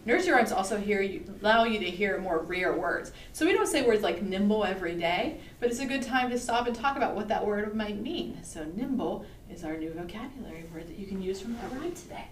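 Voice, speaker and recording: A woman's voice: medium pitch, lively intonation, brisk, hardly any pauses, slight background noise. A woman librarian reading a picture book aloud for toddlers, sing-song and coaxing the children to join in. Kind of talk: toddler storytime read-aloud. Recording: roomy, distant mic, faint ambience.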